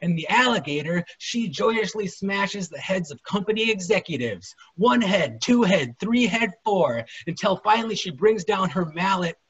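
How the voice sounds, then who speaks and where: A man reading his fiction aloud at a literary event, with expressive, dramatic delivery. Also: high voice, moderate pace, few pauses, slightly rough. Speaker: featured author. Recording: muffled lo-fi recording.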